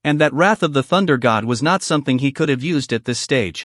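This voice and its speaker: A man reading a scripted story recap in a steady narrating voice. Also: medium pitch, brisk, no echo, clean studio sound.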